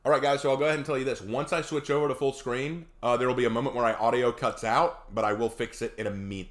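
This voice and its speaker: A man's voice: mid-range voice, steady tone, fast. A young man casually chatting with his live-stream audience, joking around and answering chat. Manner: chatty, jokey, reads chat aloud.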